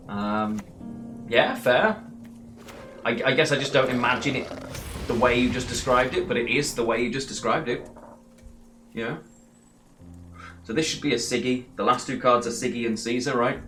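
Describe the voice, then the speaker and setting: A man's voice: mid-range voice, unhurried, long pauses, fairly bright tone, faint music behind. Chatty man streaming a card game. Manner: chatty, rambling, answers chat between plays. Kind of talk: casual gameplay commentary.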